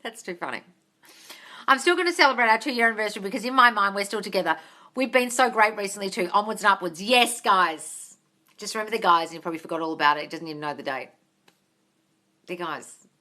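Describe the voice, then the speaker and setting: A woman's voice: medium pitch, fast talker, pushed and bright. An Australian woman hosting a live Q&A, reading viewers' comments aloud, calling them darling and swearing casually. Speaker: manifestation coach host.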